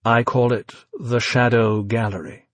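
A man voicing a gentle, mysterious masked man in a read-aloud story, speaking softly and courteously with light amusement. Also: medium pitch, steady tone, a little slow, no echo, close to an everyday voice.

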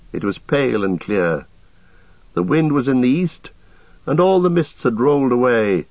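A man with a lowish voice reads a story aloud, steady and measured. The sound is tinny and narrow like an old radio broadcast, and completely dry. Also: no room sound. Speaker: narrator. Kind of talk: audiobook narration.

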